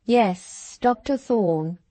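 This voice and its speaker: A woman's voice: medium pitch, animated, very slow, dark tone, no room sound. A woman doing a plaintive, self-pitying lady. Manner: plaintive, complaining. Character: aggrieved, self-pitying aristocratic wife, middle-aged woman.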